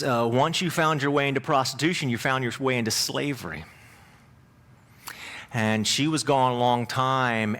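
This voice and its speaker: A man pastor delivering a sermon, telling the story dramatically and moving between raised emphatic lines and hushed, low asides. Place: church.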